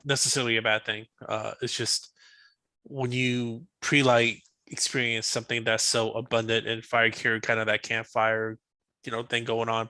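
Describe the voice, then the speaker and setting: Guy w a gravelly bright voice rambling on a podcast, lots of ums, dry studio. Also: medium pitch, dry recording. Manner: rambling, hesitant, many "um" fillers. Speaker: podcast panelist. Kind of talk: casual podcast chat.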